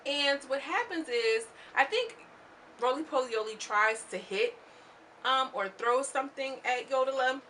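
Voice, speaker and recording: Bright, chatty woman recapping TV. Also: high voice, unhurried, slight background noise. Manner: chatty and slangy, animated retelling. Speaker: channel host. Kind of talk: casual reality TV recap.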